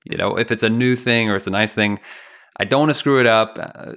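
Bright-voiced playful male co-host. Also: on the low side, a little fast. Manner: playful, laughs often, explains step by step. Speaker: podcast co-host. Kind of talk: casual chat.

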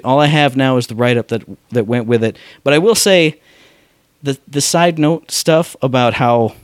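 A man co-hosting a podcast in casual chat, animated and mocking people with exaggerated voices. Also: mid-range voice, no echo, studio quality. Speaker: podcast co-host.

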